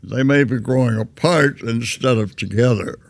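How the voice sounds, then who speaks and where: A man over a hundred years old answering interview questions in a slow, measured way. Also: medium pitch, gravelly, no room sound. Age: over 100. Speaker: guest, war veteran.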